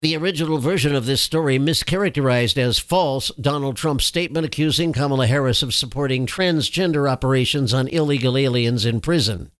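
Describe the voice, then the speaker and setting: A man's voice: mid-range voice, fairly quick, few pauses, a bit bright, no room sound. A man hosting a political commentary show, reading stories with opinionated, sarcastic asides.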